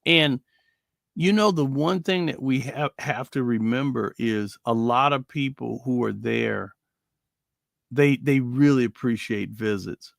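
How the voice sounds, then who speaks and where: A man co-hosting a casual faith talk show, telling stories with lively acted-out quotes. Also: mid-range voice, unhurried, creaky, no echo, studio quality. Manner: animated storyteller, acts out quoted voices.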